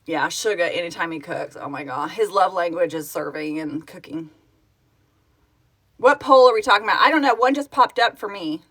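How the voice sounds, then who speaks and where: Excitable lady doing a live stream, bright voice, keeps gushing and laughing while she reads comments. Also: lowish voice, moderate pace, breathy edge. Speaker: project founder hosting a live stream. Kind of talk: casual live-stream chat, answering comments.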